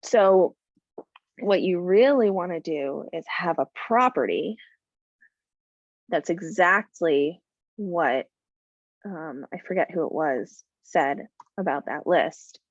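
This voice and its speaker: A woman's voice: on the low side, expressive, takes it slowly, pauses often, dry recording, lo-fi sound. A woman teaching a live coding class, thinking aloud with many fillers and talking bluntly about clients. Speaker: coding bootcamp instructor.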